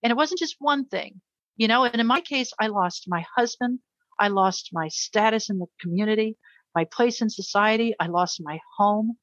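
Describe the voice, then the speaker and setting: A woman's voice: medium pitch, normal speed, fairly bright tone, no echo, dull audio. A middle-aged American woman, a guest in an interview, telling a personal story with earnest emotion and frequent repetition.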